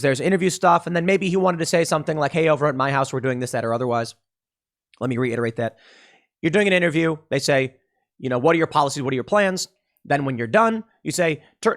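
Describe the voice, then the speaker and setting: A man's voice: a little high, fairly bright tone. A man hosting solo political commentary, talking in a sarcastic, emphatic way and mocking the people he quotes.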